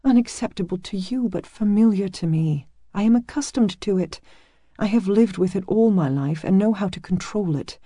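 Brief: narrator doing a placid, firm healer woman from a medieval audiobook, archaic speech, lifted higher. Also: animated, moderate pace, dark tone, no echo, studio quality, natural voice. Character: stubborn gentle female healer, calm and dryly teasing.

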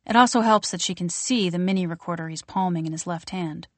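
A woman narrates an audiobook in an even, descriptive way, with a voice slightly low for a woman. The sound is close and dry, with no room around it. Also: a little fast, no echo. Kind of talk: scripted narration.

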